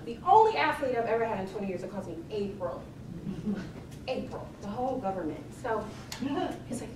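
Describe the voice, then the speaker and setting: A woman's voice: medium pitch, a little fast, noisy background. A middle-aged woman, a personal chef from Cleveland, chatting and telling funny stories to a library audience. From Cleveland, Ohio. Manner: chatty, animated, laughing storyteller. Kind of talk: storytelling at a live event. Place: library event room with audience. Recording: echoey room, distant mic, crowd.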